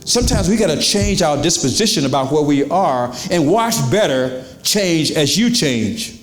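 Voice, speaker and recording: A man's voice: a little high, expressive, moderate pace, roomy sound, faint music behind. A pastor preaching to his congregation in a church, in a conversational style with questions to the crowd and quoted voices. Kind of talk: sermon. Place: church sanctuary.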